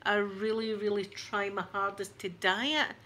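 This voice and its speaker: A woman's voice: medium pitch, level tone, a little slow, pushed and bright. A woman in her forties with a thick Scottish accent, chatting to her camera in a rambling, self-mocking way. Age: 40s. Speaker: YouTuber.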